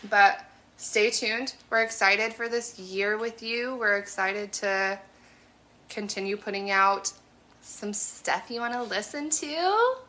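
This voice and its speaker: Bright-voiced young woman podcast host. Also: mid-range voice, slow pace. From New Mexico. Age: 20s. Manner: animated, profane storytelling. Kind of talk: casual chat.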